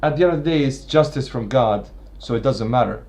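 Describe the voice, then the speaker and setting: A man thinking aloud through a literary analysis at a medium pitch. He keeps restarting his phrases and checks in with a steady "right?" after each point. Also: brisk. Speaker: literature commentator. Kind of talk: unscripted analytical lecture.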